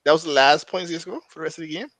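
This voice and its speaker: A man co-hosting a casual football talk stream, animated and repeating words as he gets going. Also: fairly high pitch, rapid-fire, dry recording. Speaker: co-host.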